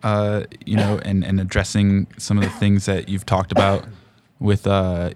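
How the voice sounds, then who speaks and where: A man in his twenties hosting a casual conversation, talking calmly and thoughtfully. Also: sits low, normal speed, a little hiss or hum. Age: 20s. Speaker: host.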